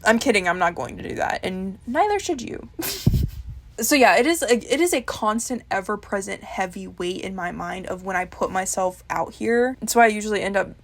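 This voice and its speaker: Young woman vlogging, kinda gravelly voice, swears a lot, laughs at herself, super candid. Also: mid-range voice, animated, normal speed, slight background noise. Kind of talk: casual confessional chat.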